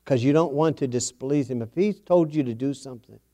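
Speaking briskly in a mellow, medium-pitched voice, a middle-aged preacher recounts a family story. The telling is homespun and folksy, with repeated phrases for emphasis.

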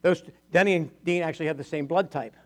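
A man's voice: a little high, quick pace. An older man preaching to his church, telling personal stories in a chatty way, laughing often and acting out the voices of people he quotes. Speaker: pastor. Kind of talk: storytelling sermon testimony.

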